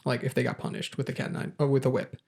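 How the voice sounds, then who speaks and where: A man's voice: mid-range voice, completely flat delivery, quick pace, a little mellow. A man hosting a casual podcast quiz, reading idiom origins aloud with stumbles and laughs. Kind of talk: casual group podcast chat.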